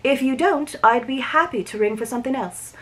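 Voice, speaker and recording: A courteous young lady, as a woman reads her lines speaks softly and a little higher than the reader's usual voice. The delivery is plain and gentle, like a book read aloud at home. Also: fairly quick. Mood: polite. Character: composed young lady pouring tea.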